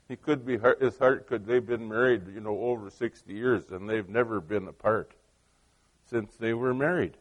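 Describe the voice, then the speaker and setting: A man's voice: lowish voice, normal speed. A middle-aged man preaching a sermon, telling stories in a conversational way with many asides and questions put to the listeners. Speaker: pastor.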